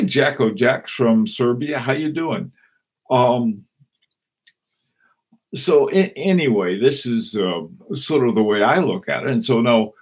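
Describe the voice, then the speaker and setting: Slow husky-voiced man chatting on stream. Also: medium pitch. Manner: rambling, halting, many restarts and fillers. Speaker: live stream host reading chat. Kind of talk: casual live-stream chat about watches.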